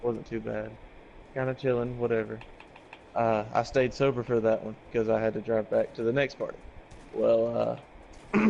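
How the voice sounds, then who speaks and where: Flat gravelly man telling a story. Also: medium pitch, highs cut off, slight background noise. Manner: halting, many fillers, flat laid-back delivery. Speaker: friend on a gaming stream. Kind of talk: casual storytelling.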